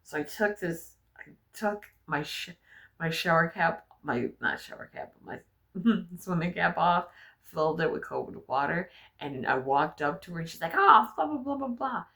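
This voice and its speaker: Low-voiced woman telling frank, profane stories. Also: moderate pace, creaky. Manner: frank, profane, animated storyteller. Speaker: vlogger. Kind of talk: candid personal storytelling.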